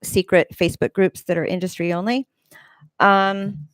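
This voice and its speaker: A woman's voice: flat delivery, normal speed, dry recording, poor audio. A woman hosting her own show, telling a long story in a casual, rambling way, with lots of fillers and restarts. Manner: mimics people in high squeals. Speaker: host. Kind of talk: casual monologue.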